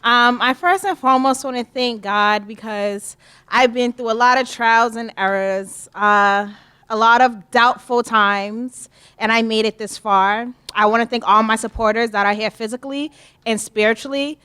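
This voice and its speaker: A woman's voice: on the high side, moderate pace, pushed and bright, clean tone. A woman graduate giving brief commencement remarks in a casual way, with fillers. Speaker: graduating student. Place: college commencement stage.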